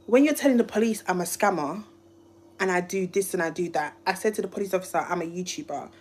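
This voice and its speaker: A woman's voice: on the low side, quick pace, darkish tone. A woman from the UK, a YouTuber, telling a rambling, emotional story on a live stream. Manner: emotional, rambling, restarts often. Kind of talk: casual livestream storytelling.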